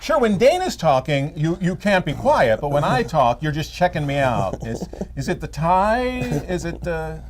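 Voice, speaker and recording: High-voiced male talk show host. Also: sing-song, normal speed, slight background noise. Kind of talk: casual interview. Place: TV studio.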